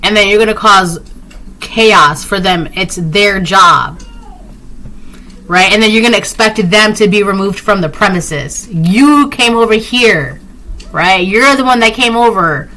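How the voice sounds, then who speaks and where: A woman's voice: mid-range voice, slow, sharp tone. A woman giving a casual spoken tarot reading, rambling with lots of fillers and repeated phrases. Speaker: tarot reader.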